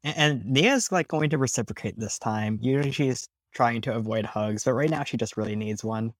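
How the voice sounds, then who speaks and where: A man playing a tabletop game, chatty and excitable as he narrates his character. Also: mid-range voice, normal speed, no echo, studio quality. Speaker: player.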